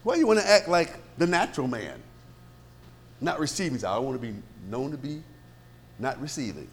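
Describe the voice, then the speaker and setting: Pastor, male, lively swinging delivery, preaching sermon with rhetorical questions. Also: medium pitch, normal speed, a little hiss or hum.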